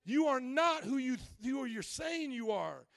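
High-voiced man preaching with fiery swings. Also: measured pace, gravelly, no room sound. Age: adult, married. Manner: animated preaching, swings into shouting and mock voices. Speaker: pastor. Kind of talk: sermon.

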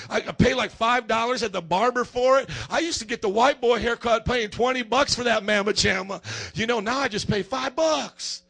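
A man preaching a lively sermon as pastor, acting out scenes with animated voices. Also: moderate pace, creaky. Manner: animated preaching, acts out fans in high excited voices.

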